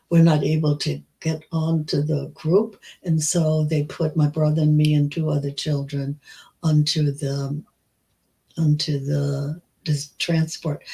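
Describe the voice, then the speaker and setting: A woman in her nineties, a survivor, telling her memories in an interview, slow and halting with many restarts. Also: low-pitched, dark tone, rough recording. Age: 90s. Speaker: Holocaust survivor guest.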